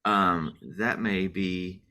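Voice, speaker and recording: Male podcast co-host, bright tone, rambling and jokey. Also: low-pitched, steady tone, very slow, clear, resonant tone. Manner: rambling, filler-heavy, joking. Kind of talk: casual chat.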